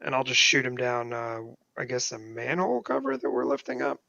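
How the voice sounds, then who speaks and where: Gravelly man on a dull, dry mic. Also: mid-range voice, big pitch swings, brisk, bright, forceful tone, no echo. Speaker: player. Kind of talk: casual tabletop game chat.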